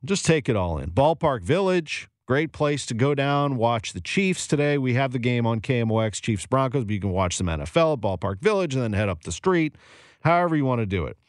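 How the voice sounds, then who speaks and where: A man's voice: mid-range voice, fairly quick, dry recording, clean studio sound. A man hosting a sports radio show, talking casually with laughs and fillers. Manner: chatty, laughs often, relaxed filler-heavy delivery.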